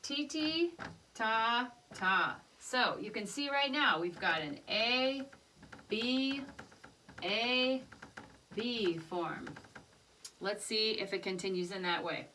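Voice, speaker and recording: A woman's voice: medium pitch, lively intonation, slow pace, long pauses. A woman teaching a rhythm lesson, singing short phrases and then speaking the rhythm syllables. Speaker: music teacher. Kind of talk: rhythm lesson with sung examples. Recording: distant mic with loud background noise.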